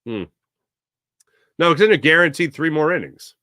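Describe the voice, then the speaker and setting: Man, sports talk host, animated and jokey, bright forceful voice, dry close sound. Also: a little high, normal speed, dry recording. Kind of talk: casual sports talk, reading chat comments.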